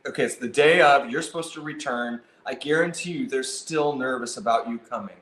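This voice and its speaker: A man's voice: medium pitch, a little fast. Upbeat man teaching in an echoey room. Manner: energetic, acts out customer calls. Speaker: piano technician instructor. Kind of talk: instructional talk.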